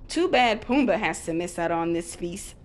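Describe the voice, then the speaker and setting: A woman voicing a caring young male lion cub in a storybook read-aloud, gentle and earnest. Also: lowish voice, animated, moderate pace, a little hiss or hum, close to an everyday voice. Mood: concerned.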